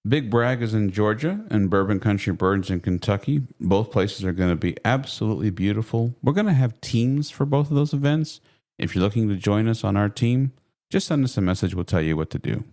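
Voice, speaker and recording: A man's voice: lowish voice, animated, fairly quick, darkish tone, no echo, clean studio sound. A man co-hosting a casual podcast chat, joking and rambling with fillers. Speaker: podcast co-host.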